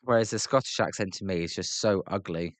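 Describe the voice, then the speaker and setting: British man's smooth, low play-by-play chat. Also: fairly quick, no room sound. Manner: chatty, rambling, frequent fillers and restarts. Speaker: host of a live baseball reaction stream. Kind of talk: casual live play-by-play and chat with viewers.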